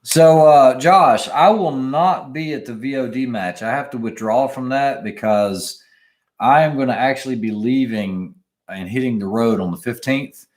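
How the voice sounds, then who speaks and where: A man co-hosting a casual podcast chat, animated and reading viewer questions aloud. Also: mid-range voice, a little slow. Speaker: podcast co-host. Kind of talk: casual chat about shooting.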